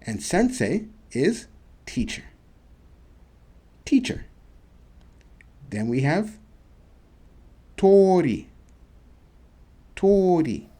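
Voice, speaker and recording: A man hosting a casual video lesson, slowly drawing out words as he demonstrates them. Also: medium pitch, big pitch swings, darkish tone, breathy edge. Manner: slow, drawn-out demonstration of words. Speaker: language teacher and channel host. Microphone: camera mic.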